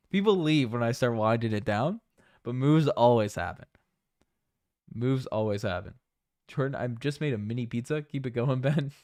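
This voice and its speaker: A man from Newfoundland hosting a sports livestream, his voice sitting at an ordinary middle pitch. He rambles loosely and jokes around, saying the same phrase two or three times in a row. The sound is dry and close, with no room echo. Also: a little mellow. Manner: rambling and jokey, repeats phrases. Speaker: basketball channel host. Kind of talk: casual livestream chat.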